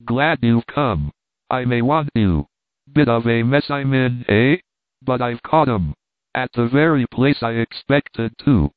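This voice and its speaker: A man reading the part of a brash gentleman who shrugs off a fall, in offhand clipped phrases. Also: mid-range voice, expressive, slow, no room sound. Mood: brisk. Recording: tinny phone-like dry sound.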